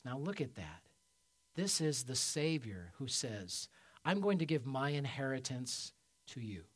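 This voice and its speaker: A man preaching a sermon as pastor, emphatic, swinging from loud peaks to quiet low passages and calling for amens. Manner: asks the congregation for amens.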